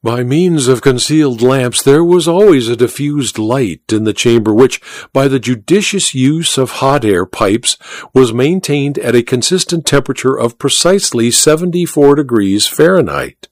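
A man's voice: mid-range voice, animated, moderate pace, dry recording, close to an everyday voice. A man voicing a suave, scheming colonel in an audiobook reading, deferential and precise. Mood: urbane. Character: scheming male colonel, suave courtly torturer. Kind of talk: audiobook character voice.

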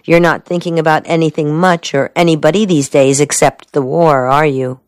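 A woman's voice: deep voice, fairly even intonation, moderate pace, darkish tone, no room sound, clean studio sound, lightly acted. A woman voicing a teasing, evasive young woman with a mocking manner. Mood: soft. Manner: playful, mocking. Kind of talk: audiobook dialogue reading.

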